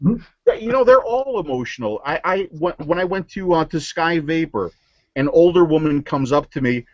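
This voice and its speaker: A man's voice: fairly high pitch, lively intonation, moderate pace, no room sound, highs cut off. A man from New Jersey, a guest on a casual show, telling stories in an earnest way with many fillers and restarts over a video call. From New Jersey, USA. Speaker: guest vaping reviewer. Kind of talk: casual chat, storytelling.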